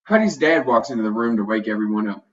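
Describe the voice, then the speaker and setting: A man narrating a children's storybook in a steady, plain reading voice. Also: on the low side, fast talker. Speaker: storybook reader. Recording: dull, distant home recording.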